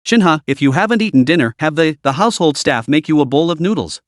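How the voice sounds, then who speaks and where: A sorrowful middle-aged father, deep in drink, his words slow and slurred as he stammers through them, as a male narrator puts him on. The voice sits a touch higher than plain speech and sounds set apart from the rest of the dry reading. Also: lively intonation, no room sound, lightly acted. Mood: drunken.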